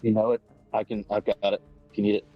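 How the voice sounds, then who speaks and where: A man's voice: lowish voice, flat delivery, fast, slightly rough. A man playing a tabletop game, eager and jokey in casual chat. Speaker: player. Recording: dull lo-fi sound with faint music.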